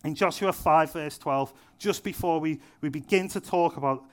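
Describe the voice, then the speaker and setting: A young preacher delivers his sermon in a relaxed, chatty way, slipping in little jokes at his own expense. His voice sits a bit higher than most men's, and he leans on repetition to hammer each point home. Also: moderate pace. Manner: conversational, self-deprecating humour, emphatic repetition. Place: church venue.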